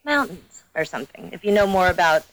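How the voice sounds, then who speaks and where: A woman guest chatting casually on a podcast, upbeat and quick to laugh. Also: lowish voice, expressive, slight background noise, low-quality recording. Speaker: guest game producer.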